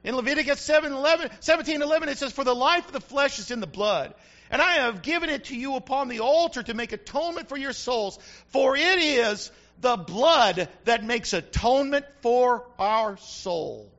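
Man, pastor, very high voice, emphatic folksy sermon, dull lo-fi sound. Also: animated, normal speed, a bit bright. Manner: emphatic, folksy preaching with repeated refrains. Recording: muffled lo-fi recording.

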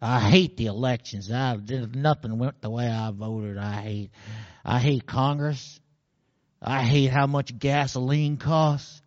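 A sour, whiny grumbler griping about everything, as a preacher puts him on. His voice drops to an ordinary middle pitch, well below the preacher's own. The sound is dry and a little dull. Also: steady tone, takes it slowly, a little mellow, no room sound, big-room sound, close to an everyday voice. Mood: grumbling.

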